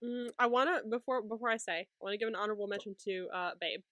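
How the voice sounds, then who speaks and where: A woman's voice: medium pitch, fairly bright tone, no echo. A woman co-hosting a podcast, chatting casually with playful, joking reactions. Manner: playful, quick reactions and jokes. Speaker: podcast co-host. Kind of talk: casual recap chat.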